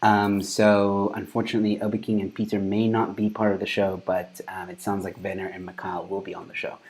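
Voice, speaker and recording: A man's voice: lowish voice, flat delivery, fairly quick, a little mellow. A man hosting a casual news commentary show, rambling loosely and breaking into laughter often. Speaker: show host.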